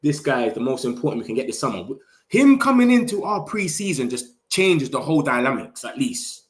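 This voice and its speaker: A young man hosting a casual live stream, chatting excitedly and in slang straight to his viewers. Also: mid-range voice, a little fast. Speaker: football livestream host.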